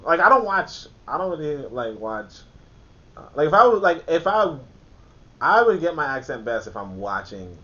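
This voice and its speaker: Casual male host, bright and forceful tone, rambling with fillers, muffled recording. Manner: rambling, laughs often, many fillers and restarts. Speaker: host of a book discussion. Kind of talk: casual discussion. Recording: muffled, faint background rumble.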